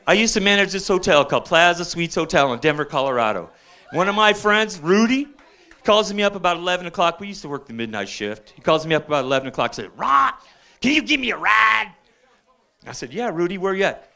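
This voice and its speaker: A man's voice: fairly high pitch, bright, forceful tone. An older man doing rambling stand-up stories at an open mic on a bar stage, often checking in with the crowd. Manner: chatty, keeps checking in with the crowd.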